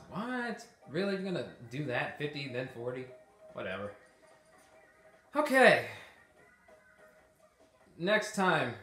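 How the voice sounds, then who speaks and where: A man's voice: medium pitch, fairly bright tone. A man giving casual let's-play commentary, exasperated and talking to himself as he plays. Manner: exasperated, talks to himself while playing. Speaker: gameplay commentator. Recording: echoey room with game music behind.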